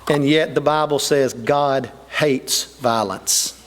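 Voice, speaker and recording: A man's voice: medium pitch, slow pace. An older man preaching a sermon to his congregation, building emphatically toward his key points. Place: church sanctuary. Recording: long reverb of a church hall.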